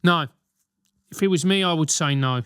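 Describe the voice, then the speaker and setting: A man's voice: on the high side, moderate pace, a bit bright, clear, resonant tone, no echo, studio quality. A man hosting a solo comedic advice podcast, rambling and swearing through comic rants. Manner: rambling, profane, comic ranting. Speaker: podcast host.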